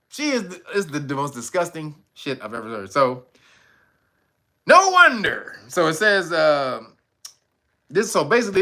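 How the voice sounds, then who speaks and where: Sex: man. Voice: lively, bright. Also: fairly high pitch. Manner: profane, laughing, mocking, talks to chat. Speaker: channel host. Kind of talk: livestream commentary reading news.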